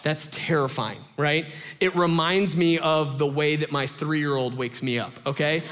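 Animated young dad preaching in a big hall. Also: male voice, fairly high pitch, measured pace, slight background noise. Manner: animated, conversational storytelling with lots of fillers. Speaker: pastor. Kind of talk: sermon.

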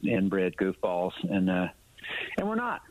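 A man, a musician guest, telling stories in a relaxed, rambling way. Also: low-pitched, slow, dry recording, dull audio. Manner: laid-back, rambling storyteller. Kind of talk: casual interview storytelling.

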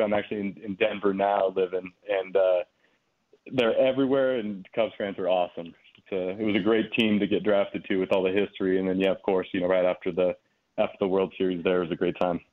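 A man's voice: on the low side, fast talker. Man on a tinny phone line. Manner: relaxed storytelling, frequent fillers. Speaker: guest, former pitcher. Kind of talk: casual phone interview.

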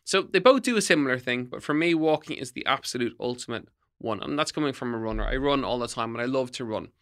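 Middle-aged male podcast host, bright voice, emphatic coaching delivery. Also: medium pitch, animated, fast talker. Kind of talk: solo podcast talk, tips.

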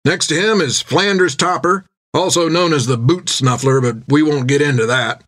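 A man voicing a burly, gruff sea captain who talks in a folksy rough sailor's dialect, raised above his own pitch. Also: normal speed, fairly bright tone. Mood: gruff command.

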